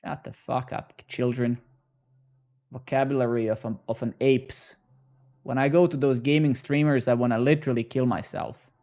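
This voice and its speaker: A man's voice: mid-range voice, fairly even intonation, normal speed, a little mellow. A young man live-coding on stream, bantering sarcastically and swearing at his chat as he works.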